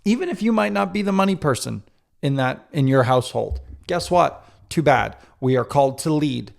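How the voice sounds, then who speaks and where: Gravelly-voiced man talking straight to listeners. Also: on the high side, expressive, moderate pace. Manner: candid, self-critical, addresses male listeners directly. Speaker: podcast host. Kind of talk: casual solo podcast talk.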